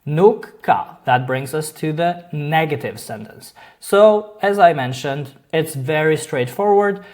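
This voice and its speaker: A man teaching a grammar lesson, who says each example slowly and carefully and then repeats it. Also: on the high side, animated, darkish tone. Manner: slow, careful repetition of example sentences. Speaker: language teacher.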